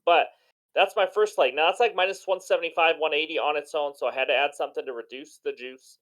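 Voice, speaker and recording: A man hosting a sports betting show, giving enthusiastic and chatty commentary on his picks in a hoarse voice. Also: on the high side, steady tone, fast talker, fairly bright tone, rough recording. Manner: enthusiastic, chatty, self-deprecating. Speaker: sports betting channel host.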